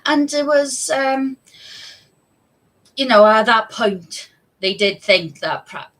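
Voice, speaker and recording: A woman's voice: a little high, animated, slow, fairly bright tone, rough recording. A woman talking candidly on a live stream, chatty and rambling, with frequent laughs. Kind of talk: casual live stream chat.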